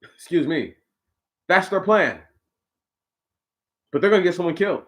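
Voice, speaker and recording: Brief: male talk host, higher-pitched voice, preachy casual monologue, slangy asides to listeners. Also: animated, normal speed, pauses often, fairly bright tone. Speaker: podcast host.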